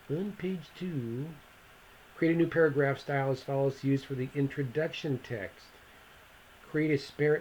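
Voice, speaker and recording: A man over fifty walks through a screen-recorded software lesson at an ordinary pitch. He talks to himself as he goes, musing and fixing his own slips. A faint hiss of noise sits behind his voice. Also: low-quality recording. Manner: casual, thinking aloud, self-correcting. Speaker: instructor.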